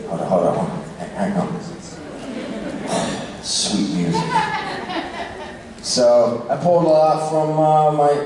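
A tired man chatting casually as a convention panel guest, relaxed and quick to laugh. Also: medium pitch. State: tired, short on sleep. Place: large convention hall. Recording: echoey hall recorded from far off.

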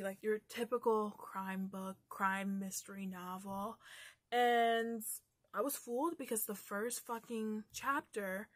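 A woman's voice: medium pitch, a bit bright, no echo. A woman chatting casually about the books she read, candid and ranty, swearing freely as she goes. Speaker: book vlogger. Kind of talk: casual book review chat.

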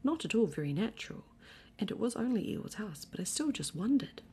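A woman voicing a gloomy, melancholy male donkey in a soft, whispery voice, as whispered role-play. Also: mid-range voice, sing-song, brisk, breathy edge, pitched above the performer's own voice, heavily acted.

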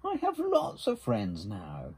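A man's voice: fairly low pitch, huge pitch swings, slow pace, darkish tone, breathy edge, full character voice. A man voicing a small, eager young male beaver in a children's storybook, with a wistful, questioning manner. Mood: joyful.

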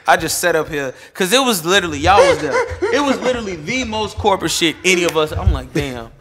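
A man who works as a DJ, talking casually in an interview, laid-back and slangy, getting animated when he mimics people. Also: sits high, quick pace, noisy background.

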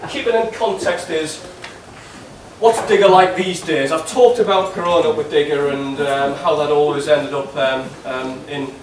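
A man giving a wedding speech, teasing and halting with many ums and restarts. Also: a little high, steady tone, slight background noise. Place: wedding reception hall. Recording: echoey hall, distant mic, laughing crowd. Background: guests laughing.

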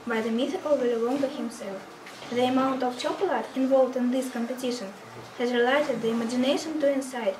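A woman's voice: a little high, fairly even intonation, a little fast, lightly acted. A woman playing a news announcer in a school stage play, declaiming. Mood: announcing. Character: female news announcer, formal. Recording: echoey hall from far off, noisy.

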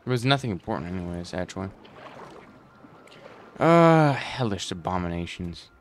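A man giving casual gameplay commentary, excitable, with frequent yelps and outbursts. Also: low voice, normal speed, slight background noise.

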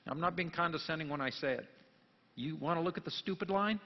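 A pastor giving a jokey sermon, dropping to quiet asides and then rising into loud, emphatic bursts. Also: male voice, fairly high pitch, quick pace. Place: church sanctuary. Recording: long church reverb, dull lo-fi sound.

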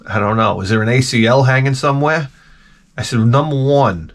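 Middle-aged guy rambling on, swears a lot, pokes fun at himself, mid-pitched voice. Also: a little fast. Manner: rambling, profane, self-mocking storytelling. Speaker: video host. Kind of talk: casual rambling chat.

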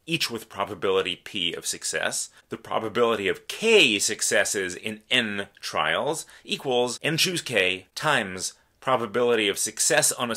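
A man's voice: on the low side, pushed and bright. A man giving a recorded math lecture, explaining step by step and stressing the key points.

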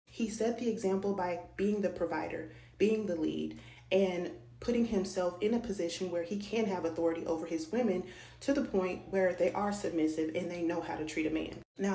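A woman vlogger giving sassy, animated reaction commentary. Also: lowish voice, roomy sound. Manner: animated, sassy, mimics voices.

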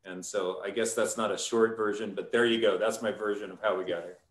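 A man, a winemaker, telling a long story in a relaxed, rambling way on a live stream, with many fillers. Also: on the low side, a little fast, reverberant.

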